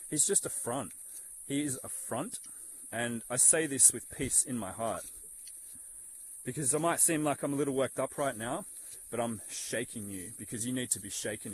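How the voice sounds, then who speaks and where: A man talking straight to the camera in a heated, preachy monologue, with a voice of ordinary middle pitch. He swears freely and hammers his points through repetition. A faint hiss of noise sits under his voice. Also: low-quality recording. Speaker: social media commentator.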